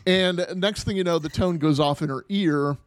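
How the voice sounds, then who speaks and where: A man's voice: fairly high pitch, moderate pace, no echo. A man hosting a podcast in casual chat, rambling with many restarts and fillers. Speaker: podcast host.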